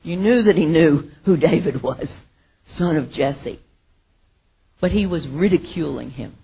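Gravelly, husky woman telling a Bible story. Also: sits low, slow, pauses often. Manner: animated retelling with acted quotes and laughs. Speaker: Bible teacher. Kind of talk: casual sermon storytelling.

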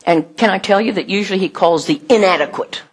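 Breathy-voiced woman preaching casually. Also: medium pitch, fast talker. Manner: conversational, laughs often, acts out quoted voices. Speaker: pastor. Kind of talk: sermon.

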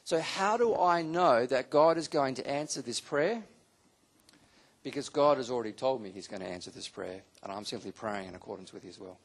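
A man teaching a Bible school class to a live audience, animated and acting out quotes with sudden leaps in pitch. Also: moderate pace. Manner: animated, acts out quotes with big pitch jumps. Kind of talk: teaching sermon.

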